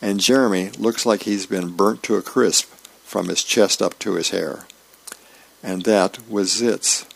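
A man reading comic strips aloud in an unhurried, plain storytelling way, dropping into light character voices. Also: fairly low pitch, steady tone, vocal fry.

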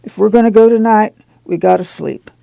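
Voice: medium pitch, a little fast, gravelly, no echo, low-quality recording. A reader doing a weary, stern farm mother. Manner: quiet, tired, firm.

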